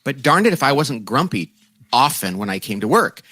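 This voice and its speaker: A man, a guest author, telling a lively conversational story and acting out quoted voices in a self-deprecating way. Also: medium pitch, normal speed, no echo.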